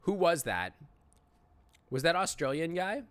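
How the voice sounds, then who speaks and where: A man's voice: on the high side, very animated, unhurried. Chatty laughing male game streamer. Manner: chatty, laughing often, reacting on the fly. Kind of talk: live gameplay commentary.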